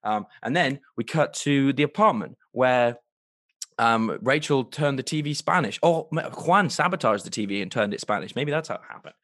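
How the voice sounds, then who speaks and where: A man's voice: medium pitch, lively intonation, normal speed, a bit bright, no echo, studio quality. A man co-hosting a comedy podcast, playfully retelling a story with rambling asides and sound effects. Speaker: podcast co-host.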